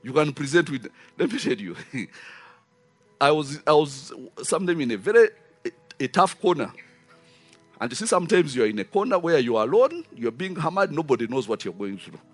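A man's voice: a little high, a little fast, soft background music. A man preaching a sermon, emphatic and full of rhetorical questions. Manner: animated, rising and falling emphasis with rhetorical questions.

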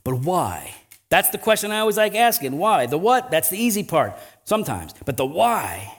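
A man's voice: high voice, very animated, moderate pace. A male pastor preaching a conversational sermon, often tossing in "right?" asides and building to emphatic swells.

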